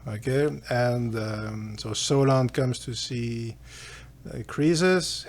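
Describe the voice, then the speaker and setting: A man's voice: mid-range voice, slow pace. A man hosting a philosophy channel, retelling an ancient legend in a rambling, casual way with fillers and chuckles. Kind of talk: casual storytelling lecture.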